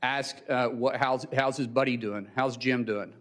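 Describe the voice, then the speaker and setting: Halting middle-aged man telling a story. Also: medium pitch, fairly even intonation, a bit bright. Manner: halting, many restarts, chokes up. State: emotional, near tears. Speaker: nominee testifying at a hearing. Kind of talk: emotional personal story.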